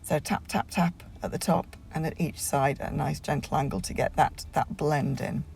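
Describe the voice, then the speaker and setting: A woman's voice: sits low, moderate pace, creaky, darkish tone, breathy edge. A woman talking through a home nail tutorial as a casual voiceover, chatty and rambling, with plenty of fillers and restarts.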